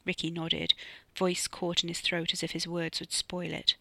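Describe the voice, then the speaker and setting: Give me an author narrating their own novella in a measured, storytelling way. The voice has a gravelly fry under a bright, forward tone. It is recorded dry and close to the mic. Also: mid-range voice, monotone, no room sound. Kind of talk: scripted narration.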